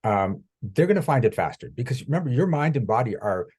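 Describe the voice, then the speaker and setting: A man in an interview, a coach telling animated stories and acting out the voices he quotes. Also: mid-range voice, fairly quick, slightly rough. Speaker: guest coach. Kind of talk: conversational interview.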